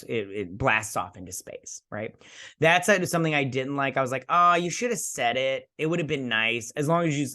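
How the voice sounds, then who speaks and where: Guy rambling through an episode recap, sarcastic, swears a lot, mid-pitched voice. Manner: animated, acts out characters in quick asides. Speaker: host. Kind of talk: casual episode recap and review.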